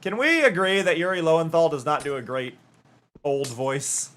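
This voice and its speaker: Male streamer, higher-pitched voice, rambling chatter and hummed asides. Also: normal speed, fairly bright tone, a little hiss or hum. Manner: rambling and chatty, with hums and half-sung bits. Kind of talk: casual live-stream chat.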